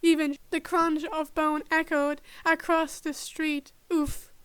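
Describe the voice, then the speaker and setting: Slow, bright-voiced woman reading a story. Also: high-pitched, flat delivery, no room sound. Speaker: podfic reader. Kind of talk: reading fanfiction aloud.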